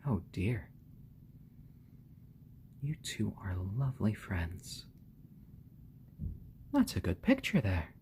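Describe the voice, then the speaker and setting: A man hosting a casual live stream, talking gently and fondly to his baby chicks and thanking viewers. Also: lowish voice, huge pitch swings, takes it slowly, pauses often, a little hiss or hum. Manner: gentle, doting, talks softly to the chicks.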